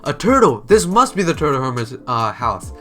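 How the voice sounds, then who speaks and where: A man's voice: mid-range voice, normal speed, soft background music. A man voicing an eager teenage hero trainee. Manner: excited, hesitant with ums.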